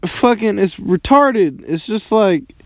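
A man's voice: high voice, expressive, slow, no echo. A man in his early twenties rambling casually, swearing often and filling his questions with "like". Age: 20s.

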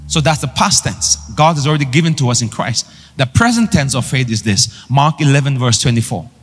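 A man's voice: mid-range voice, animated, fairly quick, slightly rough. A man preaching a sermon with emphatic, call-and-response delivery. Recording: long hall reverb with faint music.

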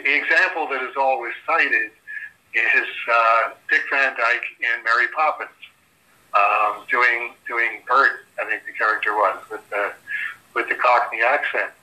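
Canadian man from comics, a regular guest; unhurried, hesitant, sharp-toned. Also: medium pitch, low-quality recording. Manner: halting, lots of "uh" and restarts. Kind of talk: casual podcast chat.

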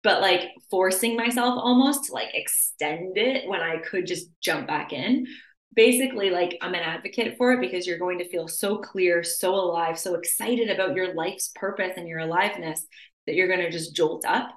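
A young adult woman talks through a casual podcast chat in a lowish voice. She's animated and leans on "like" constantly, acting out her inner voice. The room around her is echoey. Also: normal speed. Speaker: podcast host.

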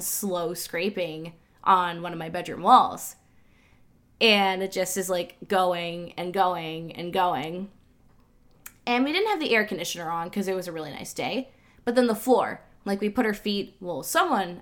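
A woman's voice: lowish voice, fairly bright tone. A woman, a podcast guest, telling a story in casual chat with lots of "like" fillers. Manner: chatty, many "like" fillers.

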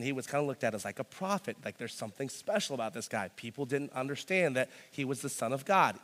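A man's voice: mid-range voice, fairly bright tone, long reverb tail. A man preaching a sermon as a pastor, talking in a loose conversational way full of "like". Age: young adult to middle-aged, a parent. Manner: conversational, peppered with "like".

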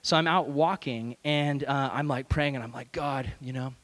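A young adult man, a youth pastor, telling a lively self-deprecating story in a sermon and acting out the voices. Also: mid-range voice, moderate pace. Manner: animated, self-deprecating, acts out voices in stories.

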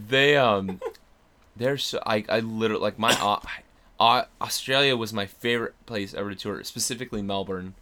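Over background noise, a young man talks at normal speed in a lowish voice as a podcast guest. An actor, he tells stories in a rambling, self-interrupting way, laughing and restarting sentences throughout the casual chat.

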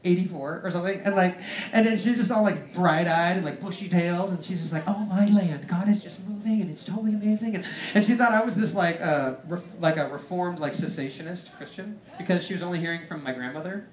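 A man's voice: high voice, brisk, few pauses. A man preaching a personal testimony, rambling with lots of "like" fillers. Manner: rambling storyteller, heavy use of "like". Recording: roomy echo.

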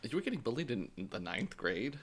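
A man's voice: medium pitch, very animated, brisk, slight background noise. A young man co-hosting a podcast, teasing his friend with sarcastic, swearing banter. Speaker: podcast co-host. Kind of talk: casual chat.

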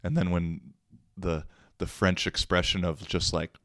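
Young man, podcast host, deep voice, slow drawl, slangy rambling chat, dry close mic. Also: fairly even intonation, a bit bright, no echo. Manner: slangy, rambling, self-mocking. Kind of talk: casual solo podcast chat.

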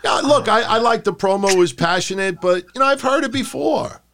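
Man, podcast co-host, casual rant, gravelly, higher voice. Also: brisk. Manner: animated, mocks promos in put-on voices. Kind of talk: casual wrestling talk.

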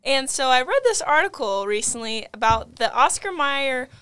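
A young woman co-hosting a casual podcast, telling news stories in an animated way with lots of fillers. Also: high voice, moderate pace, smooth, dry recording. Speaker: podcast co-host.

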